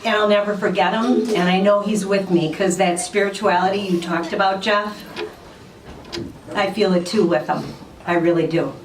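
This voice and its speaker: A woman's voice: medium pitch, steady tone, distant mic. A woman, the family's hairdresser, sharing heartfelt memories at a memorial. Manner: unhurried and heartfelt. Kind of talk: memorial speech. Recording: roomy hall, mic from afar, faint noise.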